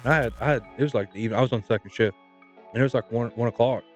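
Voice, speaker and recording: A man's voice: mid-range voice, racing, soft background music. A young man co-hosting a podcast, laid-back and profane, laughing often as he tells stories. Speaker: podcast co-host. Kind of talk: casual chat.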